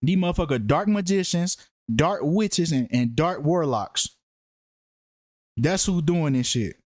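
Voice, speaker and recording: A man's voice: on the high side, expressive, a little slow, no room sound, studio quality. A man giving a casual, profane commentary monologue, slangy and emphatic, repeating phrases for effect. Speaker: true-crime numerology commentator.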